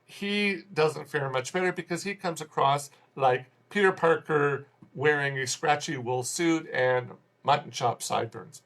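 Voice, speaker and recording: A man's voice: fairly high pitch, a little slow, few pauses, fairly bright tone. A man giving a casual spoken movie review, rambling and exasperated, often restarting his sentences. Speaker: film reviewer.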